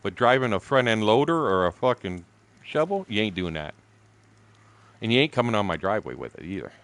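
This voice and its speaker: A man's voice: lowish voice, sing-song, a little fast, a bit bright. Blunt, foul-mouthed man in his sixties. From Canada. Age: 60s. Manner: profane, blunt, laughing storyteller. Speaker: streamer telling a story. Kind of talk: casual storytelling chat.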